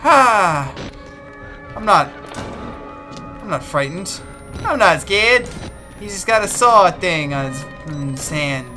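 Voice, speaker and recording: A man's voice: sits high, lively intonation, slow, pauses often, pushed and bright. A man commentating a horror game, muttering and swearing nervously to himself. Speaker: let's play gamer. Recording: game music behind voice.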